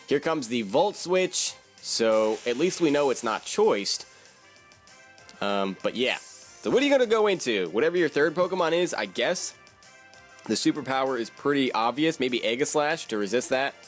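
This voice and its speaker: A man casually commentating his own game battle, thinking aloud and joking at himself. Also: mid-range voice.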